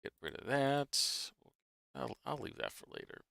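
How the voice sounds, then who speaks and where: A man hosting a live watch-along stream, chatty and mocking as he rambles along. His pitch bounces around a lot, and his voice comes across bright and crisp. It sits dry and close on the mic. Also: sing-song, a little slow, no echo.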